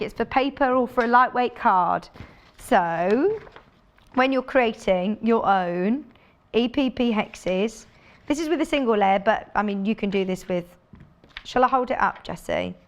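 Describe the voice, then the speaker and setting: A woman demonstrates sewing tools on a live shopping channel from a TV studio. She talks in a chatty, enthusiastic way and thinks aloud as she works. Her voice sits a little high. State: out of breath.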